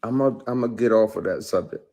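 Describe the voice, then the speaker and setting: Gravelly and dark, this middle-aged man's lowish voice comes quickly. He's an actor telling his story in a candid conversational interview, blunt and emphatic about his work, with heavy profanity and intensity that keeps building.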